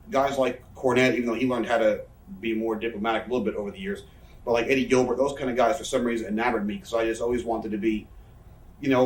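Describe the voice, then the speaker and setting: A man in his thirties telling rambling, profane, self-mocking stories as an interview guest. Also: mid-range voice. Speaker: interviewee, professional wrestler. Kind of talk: casual storytelling interview. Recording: roomy room, mic set far off.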